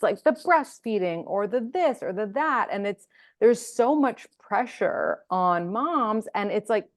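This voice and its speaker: A young woman hosting a podcast, talking in a casual, chatty way with many fillers. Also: mid-range voice. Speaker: podcast host. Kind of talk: podcast interview.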